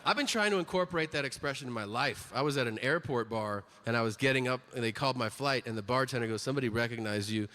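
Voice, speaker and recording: A male stand-up comedian telling a story on stage, acting out the people in it with sudden loud outbursts. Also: mid-range voice, fast talker, few pauses. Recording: live hall with long reverb and audience noise.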